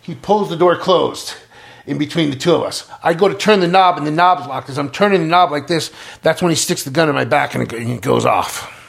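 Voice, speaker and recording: Gravelly, husky man telling a story. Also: a little high, fairly quick. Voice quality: gravelly, husky, many repeated words and restarts. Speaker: interviewee telling his story. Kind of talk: casual storytelling.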